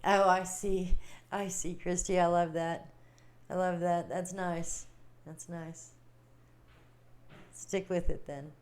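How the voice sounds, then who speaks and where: A woman hosting a casual livestream, chatting warmly with viewers, reading their comments and laughing often. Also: lowish voice, fairly even intonation, measured pace. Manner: chatty, giggly, reading chat aloud. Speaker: livestream host.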